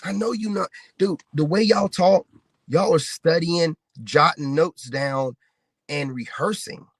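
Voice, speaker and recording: Speaking slowly in a fairly high, breathy voice with no echo, a man mocks and confronts his viewers. The online commentator's ranting monologue keeps returning to the same points.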